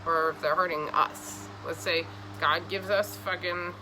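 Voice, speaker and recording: A woman giving a casual astrology reading to camera, blunt, profane and scolding, with an animated delivery. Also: lowish voice, measured pace, noisy background. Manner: animated, acts out voices. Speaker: astrology reader.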